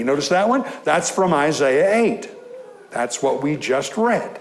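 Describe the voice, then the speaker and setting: A man's voice: fairly high pitch, big pitch swings, unhurried, rough recording. A man preaching a conversational sermon in church, rising to emphatic scripture reading.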